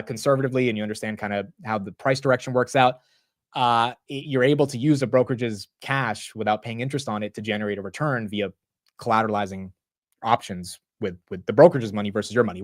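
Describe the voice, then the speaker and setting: A man in his twenties hosting a casual live market stream, rambling and excitable, often saying bro and dude. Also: mid-range voice, dry recording. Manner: rambling with frequent restarts. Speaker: stock market livestream host.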